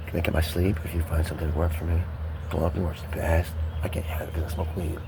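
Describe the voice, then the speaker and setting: A man's voice: very deep voice, level tone, vocal fry, noisy background. A man talking to the camera in a rambling vlog monologue, pressured and profane, swearing in nearly every sentence. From United States. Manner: pressured, rapid, swearing constantly. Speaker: vlogger.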